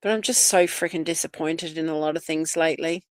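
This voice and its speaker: A woman's voice: low-pitched, steady tone, a little fast, no echo. A woman from Australia with an Australian accent and Italian as her first language, hosting a casual livestream and chatting to viewers. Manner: chatty, greets viewers by name, drifts between topics. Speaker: livestream host. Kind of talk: casual live chat reading comments.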